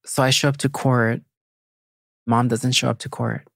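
A woman's voice: extremely low pitch, little pitch movement, moderate pace, vocal fry, dry recording, clean studio sound. A woman, asking questions in a direct, determined way. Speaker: older sister, interviewer. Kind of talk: conversational interview.

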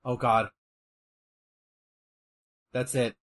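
A man chatting casually while watching a match, excitable and exclaiming at the action with plenty of swearing. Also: medium pitch, drawn-out words. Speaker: co-host. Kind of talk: casual watch-along chat.

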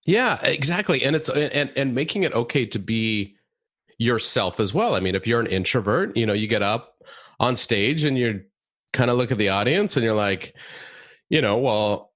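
Man, podcast guest, lively swooping delivery, low voice, dry close sound. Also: normal speed, no room sound. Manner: animated storyteller, laughs often. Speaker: podcast guest, comedy consultant. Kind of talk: casual interview chat.

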